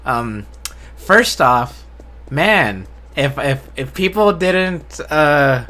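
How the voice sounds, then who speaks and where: A man in casual live-stream talk, his voice bright and forward. He speaks in a flat, low-enthusiasm way, restarting his sentences with repeated words. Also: extremely slow. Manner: self-described monotone, low enthusiasm. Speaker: host.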